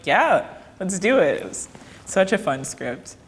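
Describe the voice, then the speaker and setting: A Canadian-raised woman talking in a lively, laughing way in an interview, explaining her ideas. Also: on the low side, a little slow, big-room sound, a little hiss or hum. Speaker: actor.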